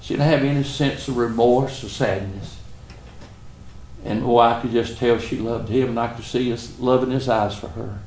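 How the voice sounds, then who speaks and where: A man's voice: medium pitch, fairly even intonation, normal speed, a little mellow, echoey room, slight background noise. A middle-aged man with a Southern US accent, preaching and telling stories in an earnest, folksy way. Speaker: pastor. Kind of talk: sermon storytelling.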